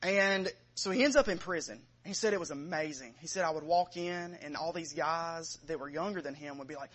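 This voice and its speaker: A preacher, a man with a slightly raised pitch, tells a conversion story to his congregation. He slips into the quoted voices and drops them low and quiet, then swells again when he returns to his own narration. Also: brisk. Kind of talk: sermon storytelling.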